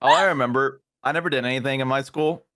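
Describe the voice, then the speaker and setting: A man telling rambling stories in a casual chat, swearing and laughing loudly. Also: mid-range voice, fast talker, no room sound. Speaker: guest on a stream.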